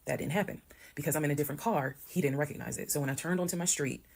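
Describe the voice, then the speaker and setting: Fast-talking woman, gravelly voice. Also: sits low. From Georgia, US. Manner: animated, acts out quoted voices. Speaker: storyteller in a TikTok clip. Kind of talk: casual storytelling to camera. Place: played clip heard on a stream.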